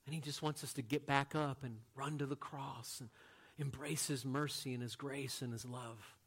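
A man preaching a sermon as a pastor, earnest, moving from loud emphatic lines to quiet, hushed ones. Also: mid-range voice, steady tone, normal speed, slightly rough.

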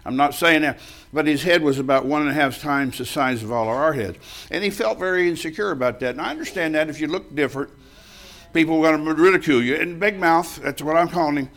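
An older man in his seventies delivers a sermon from a church, slipping into a personal story. His voice sits a little high for a man, and he talks in a folksy, emphatic way, often breaking into laughter. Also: quick pace, fairly bright tone. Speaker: preacher.

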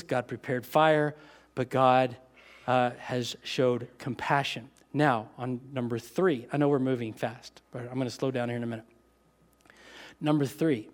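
A man preaching a sermon in a conversational, animated way, with quick asides to the congregation. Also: medium pitch.

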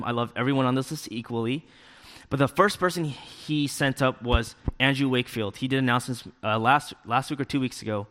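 A man's voice: medium pitch, a bit bright. Young man telling a story in a reverberant hall. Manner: casual and conversational, with many fillers and acted-out inner thoughts. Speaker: church youth leader giving a testimony. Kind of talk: personal testimony talk.

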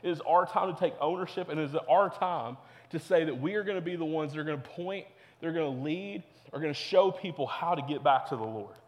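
A man's voice: a little high, brisk, big-room sound. A young man preaching a sermon to teenagers as a youth pastor, earnest and repetitive. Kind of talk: sermon to teens.

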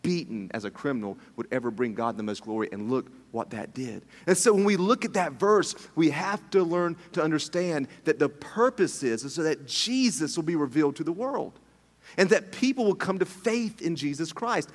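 A middle-aged man preaching a sermon as pastor, animated and jokey, with many restarts. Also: fairly high pitch, normal speed. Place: church hall. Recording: long hall reverb.

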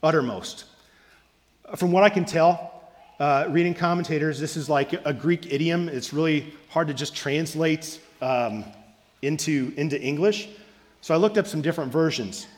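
A man's voice: on the high side, normal speed. A man, a pastor, preaching an earnest sermon and repeating key phrases for emphasis. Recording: long reverb of a large hall.

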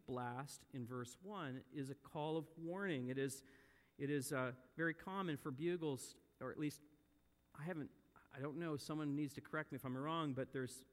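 A man preaching a sermon in a church, earnest and building to loud, emphatic peaks. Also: a little high. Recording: long hall reverb.

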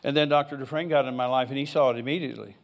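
A man's voice: medium pitch, steady tone, very fast, vocal fry. An older man preaching a sermon in a church, reading scripture aloud and rambling into personal asides in an easygoing, conversational way. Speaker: pastor.

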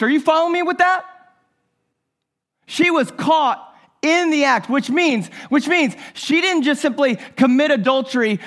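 Earnest high-voiced male preacher. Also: unhurried. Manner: earnest, repeats words, drops to a soft low voice for tender moments. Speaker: pastor. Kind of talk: sermon.

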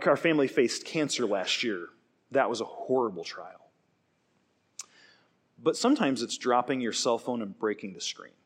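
A man preaching a sermon, telling stories in an animated way and acting out quoted lines. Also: medium pitch. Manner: animated storytelling with acted quotes. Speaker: pastor.

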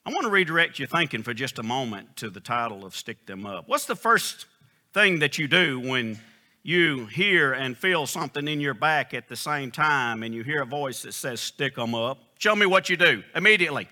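A man's voice: medium pitch, sing-song, normal speed, sharp tone. A man preaching a sermon in an emphatic, folksy storytelling style. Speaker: pastor.

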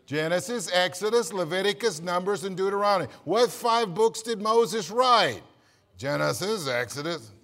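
A man preaching a sermon as pastor, swinging from quiet asides up to loud shouted emphasis and asking the congregation to answer back. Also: high-pitched, animated, normal speed. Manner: calls for congregation response. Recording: long reverb of a church hall.

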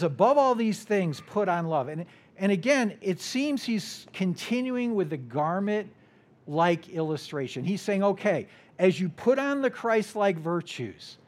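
Slow, lively American preacher. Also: male voice. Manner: deliberate, drops to a soft low voice at phrase ends. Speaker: guest preacher. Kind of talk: sermon.

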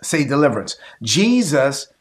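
A man's voice: mid-range voice, sing-song, measured pace. A man preaching a sermon to an online audience, emphatic and repetitive, calling for responses. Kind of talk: livestreamed teaching to an online audience.

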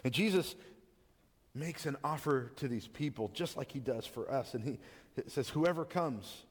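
A man's voice: medium pitch, expressive, a little slow, breathy edge, big-room sound. A man giving a sermon as a pastor, talking in a conversational way with frequent stammered restarts.

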